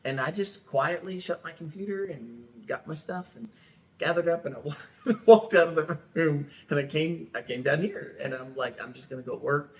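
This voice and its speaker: A man's voice: fairly high pitch, moderate pace. A middle-aged man, a pastor co-hosting a podcast, telling stories in a plain, straightforward way and laughing easily. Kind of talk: casual chat.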